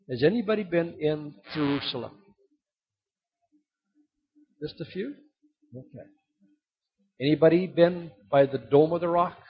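An older man preaching a sermon, telling stories dramatically with sudden swings between loud and soft. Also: on the high side, husky. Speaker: pastor. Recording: dull lo-fi sound.

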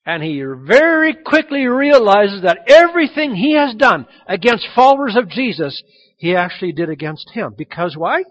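Male pastor, middle-aged, high voice, lively sermon delivery, dull lo-fi recording. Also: moderate pace, big-room sound. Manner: animated, acts out quoted voices. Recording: dull lo-fi sound.

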